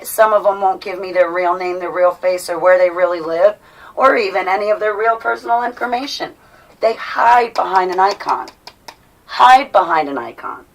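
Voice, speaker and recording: Animated lady ranting to her viewers, lowish voice, mic a bit far off. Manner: animated, emphatic, swings loud and soft. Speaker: vlogger. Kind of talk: casual monologue to viewers.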